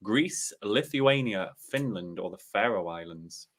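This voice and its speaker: A man's voice: fairly low pitch, expressive, unhurried, a bit bright. A man hosting a live-stream quiz, reading questions and scores in an upbeat, chatty way. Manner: upbeat, chatty, laughs often. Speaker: quiz host.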